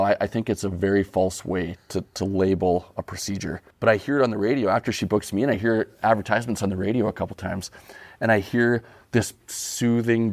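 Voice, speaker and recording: A man from Saskatchewan, a podcast guest telling a comic story in an animated, self-deprecating way. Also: fairly low pitch, dry recording. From Canada (Saskatchewan).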